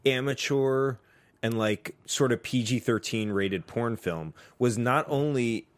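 A man's voice: medium pitch, unhurried. A man co-hosting a podcast, bantering casually with dry, wry humor. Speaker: podcast co-host. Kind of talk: casual chat.

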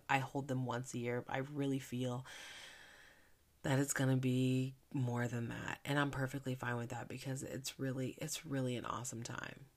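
This faith podcast host and minister, a Philadelphia woman, talks in an easy, conversational devotional style with a very deep, gravelly voice. Her tone is earnest and chatty, giving way to soft, hushed stretches during prayer.

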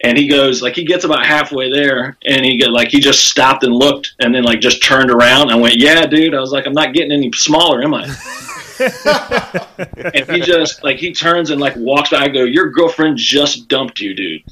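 A man with a bright, forceful voice tells a rowdy story from his stand-up gigs, swearing freely. He jumps into other people's lines, pushing his voice up and louder to act them out, and keeps a loose chatty rhythm full of fillers. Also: medium pitch, moderate pace, husky, low-quality recording. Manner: animated, profane, acts out quotes with raised voice. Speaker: comedian telling a story. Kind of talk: casual storytelling on a podcast.

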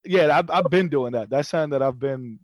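Young New guy, twenties, lively storyteller on a video call, slightly high voice, dry. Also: fairly quick, no room sound. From Brooklyn, New York. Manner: animated storyteller, full of fillers and acted quotes. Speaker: guest, comedian. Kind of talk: casual chat.

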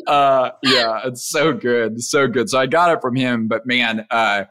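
A young adult man speaking as an interview guest, an animated storyteller who laughs often. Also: mid-range voice, a little slow, no room sound. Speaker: podcast guest, leadership speaker. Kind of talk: casual interview.

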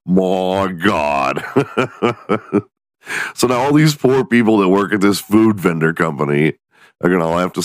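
A man from Texas hosting a podcast, ranting in a profane, animated way and acting out the people in his stories. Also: sits low, no room sound. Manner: profane, animated storytelling with mock voices. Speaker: podcast host. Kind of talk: casual comedic podcast rant.

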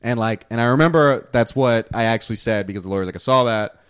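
A man's voice: medium pitch, fast talker, clean tone, dry recording, studio quality. A young man in his twenties telling a crude, rambling story full of "like" fillers in casual chat.

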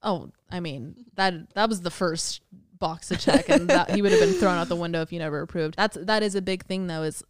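A woman's voice: lowish voice, big pitch swings, fairly quick, hardly any pauses, dry recording, clean studio sound. A woman co-hosting a podcast in casual chat, giggly and self-conscious, often trailing off and hesitating. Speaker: podcast co-host.

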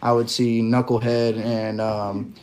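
A man's voice: mid-range voice, takes it slowly, a little hiss or hum. Easygoing man telling his story. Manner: relaxed storytelling, many fillers. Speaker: podcast guest, dancer. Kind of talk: casual interview chat.

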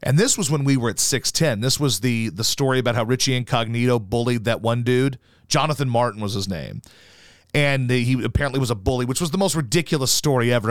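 A man hosting a sports talk radio show, crude and jokey, chatting casually at a studio mic. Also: no room sound. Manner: crude, jokey, breaks into mocking high-pitched impressions.

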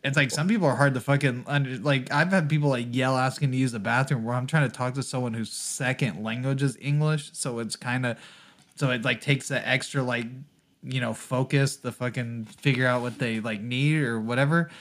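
A man's voice: medium pitch, fairly even intonation, brisk, a bit bright. A man co-hosting a podcast, ranting profanely in casual chat and laughing often. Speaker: podcast co-host.

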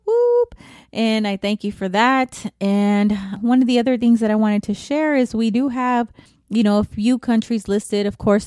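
A woman's voice: medium pitch, dry recording. Candid, slangy woman podcaster, dry sound. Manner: candid, emotional, slangy and animated. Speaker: podcast host. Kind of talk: casual solo podcast talk.

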